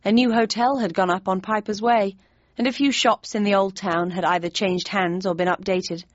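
A woman's voice: mid-range voice, fairly even intonation, moderate pace, no room sound, dull audio. Woman narrating a wry story. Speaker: audiobook narrator. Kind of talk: scripted narration.

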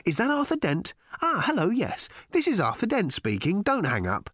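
A man voicing an unflappable, worldly male traveller in an audiobook, with a dry, brisk, sardonic delivery. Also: high-pitched, huge pitch swings, fairly bright tone, no echo, voice pushed up, heavily acted. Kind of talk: audiobook character voice.

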